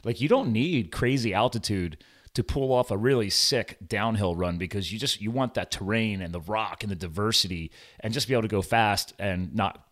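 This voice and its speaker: A man's voice: fairly low pitch, moderate pace, a bit bright. A man hosting a podcast interview, chatting enthusiastically and laughing often. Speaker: podcast host. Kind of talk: casual interview chat.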